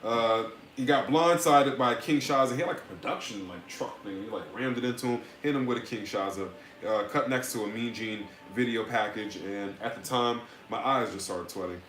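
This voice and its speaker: A man's voice: mid-range voice, moderate pace, hardly any pauses, a bit bright, roomy sound, a little hiss or hum. A man hosting a casual podcast chat, rambling and sarcastic, with frequent restarts. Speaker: podcast host.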